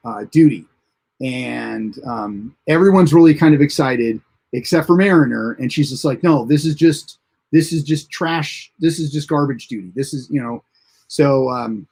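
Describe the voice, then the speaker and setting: With a mid-range, darkish voice, a man runs a casual live show reviewing a TV episode. He recaps the story in a rambling fashion with many fillers and restarts, chuckling over the funny parts as he goes.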